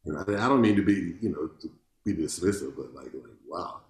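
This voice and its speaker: Laid-back male jazz musician, storyteller, stumbles and repeats, low register, reverberant room. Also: fairly quick. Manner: loose, repeats words, animated storytelling with quoted voices. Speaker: jazz bassist, guest. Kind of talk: casual interview chat. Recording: roomy echo.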